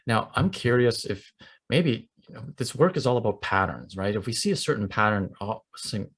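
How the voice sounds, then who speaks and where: Male interview host, lowish voice, encouraging, stumbles and repeats words. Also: lively intonation, moderate pace, slightly rough. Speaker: podcast host. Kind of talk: conversational interview.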